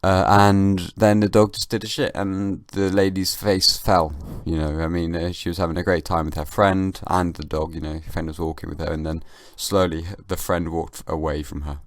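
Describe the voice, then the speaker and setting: Young guy hosting his own podcast at home, half-asleep, deadpan rambling comedy; low voice, dry room. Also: moderate pace, few pauses, no echo. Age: young adult. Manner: rambling, deadpan comic musing. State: sleepy, just woken. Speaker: podcast host. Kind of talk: casual solo monologue. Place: at home, downstairs.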